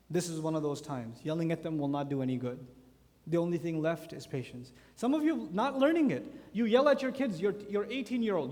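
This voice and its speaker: A man in his thirties giving an animated sermon at a youth conference, full of rhetorical questions. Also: high-pitched. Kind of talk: lecture sermon. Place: large conference hall. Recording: hall reverb from a conference hall.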